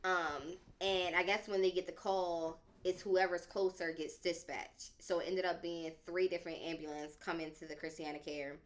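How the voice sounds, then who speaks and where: A woman's voice: fairly low pitch, normal speed, hardly any pauses. A young adult woman telling a personal story on a podcast, in a casual, dramatic, slangy way. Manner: animated and dramatic, slangy, lots of "like". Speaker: podcast speaker.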